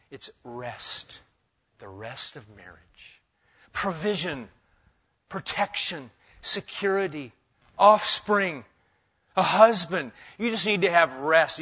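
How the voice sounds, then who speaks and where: Bright-voiced male preacher, lo-fi sound. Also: a little high. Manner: conversational, joking asides. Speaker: pastor. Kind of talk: expository sermon.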